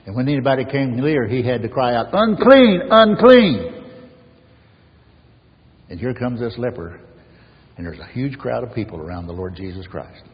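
A male pastor preaching a sermon with emphatic repetition, swinging from loud declarations to hushed lines. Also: mid-range voice, fairly quick, big-room sound, highs cut off. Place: church sanctuary.

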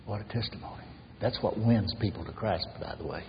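A man preaching an earnest sermon as pastor, swinging from raised emphasis to soft near-whispers. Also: on the low side, a little fast, long reverb tail, lo-fi sound, slight background noise.

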